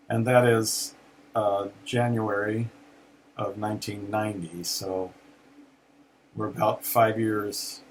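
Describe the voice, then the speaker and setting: An older male pastor telling a personal story slowly, pausing often with fillers. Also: lowish voice, a little hiss or hum, rough recording. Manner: slow, reflective storytelling with many pauses and fillers. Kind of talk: personal testimony in a sermon.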